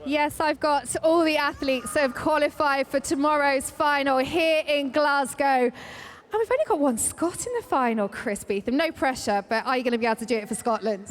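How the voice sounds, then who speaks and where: Woman, sports reporter, bubbly, teasing, high voice, arena echo. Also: normal speed, a little hiss or hum. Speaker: trackside reporter. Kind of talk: sports interview. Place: indoor arena. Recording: reverberant arena.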